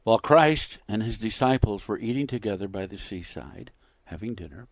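Guy preaching, low voice, super dry sound, goes from loud to almost whispering. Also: lively intonation, normal speed, no room sound. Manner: dramatic, acts out quoted dialogue with wide swings in loudness. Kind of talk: sermon.

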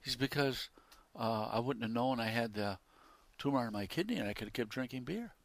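A man preaching a sermon at a middle pitch, his voice booming on key points and dropping to near whispers in between. He reads old-fashioned scripture with building force. The sound is dry and close, with little room echo. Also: lively intonation, brisk. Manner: swings from loud emphatic declarations to quiet asides; reads scripture in King James wording with rising intensity.

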